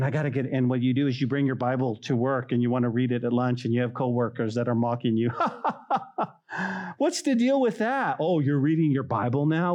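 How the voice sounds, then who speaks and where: A man's voice: mid-range voice, highs cut off. A man preaching a sermon as a pastor, telling stories and acting out mocking voices. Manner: animated, acts out mocking voices.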